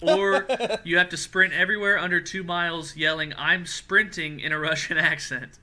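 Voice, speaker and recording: Bright-voiced laughing podcast host man. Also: fairly high pitch, level tone, brisk, a little hiss or hum. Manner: laughing often, reading out matchups. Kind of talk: casual podcast banter.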